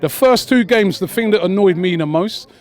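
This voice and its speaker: A young man chatting excitedly as a fan after a match, repeating himself with lots of fillers. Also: high voice, moderate pace. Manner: animated, repeats phrases, many fillers. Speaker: interviewed fan. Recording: crowd noise outdoors.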